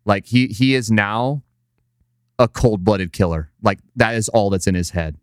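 A man with a very low, smooth, resonant voice, recorded close and dry. He chats casually and profanely, piling up fillers as he retells a scene. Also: a little slow, dry recording. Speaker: podcast co-host. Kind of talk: casual chat.

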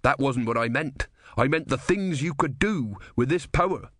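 A man's voice: mid-range voice, expressive, moderate pace, a bit bright, dry recording, clean studio sound, pitched above the performer's own voice. A man voicing a bitter, zealous young soldier who speaks fervently and scornfully in a storybook reading.

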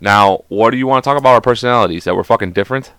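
A man hosting a podcast in casual chat, animated and profane, often mimicking other people's voices. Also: mid-range voice, very fast, smooth, no room sound. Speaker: podcast host.

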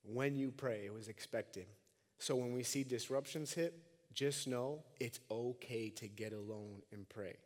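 A man in his thirties from Minnesota with a Minnesotan accent, preaching a sermon and swinging from quiet, low talk to shouted cries. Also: measured pace. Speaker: pastor. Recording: long echoing hall reverb.

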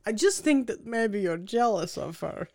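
Earnest musical-theatre fan, played by a woman, teasing yet hesitant, animated melody, improvised sketch. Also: a little high, measured pace, no room sound, studio quality.

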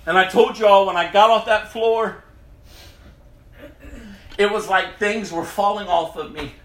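A man with a high, forceful voice gives a personal testimony slowly and deliberately. He tells it dramatically, swinging from loud outbursts to hushed tones. The room around him is echoey. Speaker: speaker giving a personal testimony. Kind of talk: emotional testimony to an audience.

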